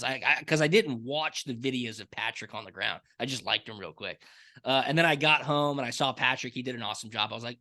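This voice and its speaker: Man, podcast host, bright tone, enthusiastic, casual sports chat, storytelling. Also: mid-range voice, vocal fry. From Atlanta, Georgia. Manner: enthusiastic, storytelling, quick asides.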